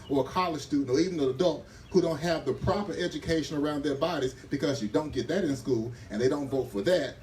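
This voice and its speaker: A man's voice: fairly high pitch, fast talker, few pauses, darkish tone. A man giving a rousing, preacher-like speech at an outdoor press conference. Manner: rousing, preacher-like delivery addressing the crowd. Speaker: community advocate speaker. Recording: distant mic with faint ambient noise.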